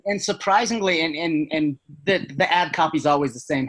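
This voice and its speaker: A man with a somewhat high-pitched voice chats casually as a podcast guest. He rambles, stacking fillers and asking "right?" as he tells business stories. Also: steady tone, brisk, few pauses, a bit bright.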